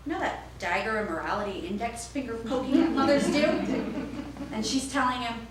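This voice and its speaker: Animated woman telling a story. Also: on the high side, normal speed, a crowd in the background. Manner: animated, acts out every character. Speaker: storyteller playing a store clerk. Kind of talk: staged storytelling monologue. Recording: echoey, distant, faint noise.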